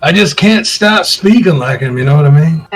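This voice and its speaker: A man's voice: a little high, expressive, normal speed, poor audio. A man running a tabletop role-playing game as game master, chatting casually and joking with his players. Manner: jokey, laughs between lines. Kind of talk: casual table chat, laughing often.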